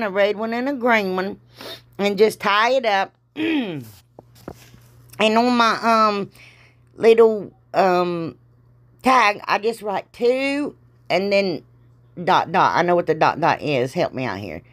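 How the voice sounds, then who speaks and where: A woman's voice: mid-range voice, fairly bright tone. Chatty middle-aged woman with a Southern drawl. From Ohio, US. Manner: chatty, rambling, folksy exclamations, self-deprecating jokes. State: congested from allergies. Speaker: crafting vlogger. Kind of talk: casual crafting tutorial chat.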